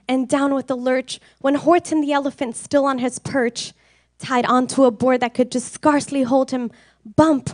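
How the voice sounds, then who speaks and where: A woman reading a rhyming storybook aloud with a rhythmic, expressive sing-song delivery. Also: high voice, dry recording, clean studio sound. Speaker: reader.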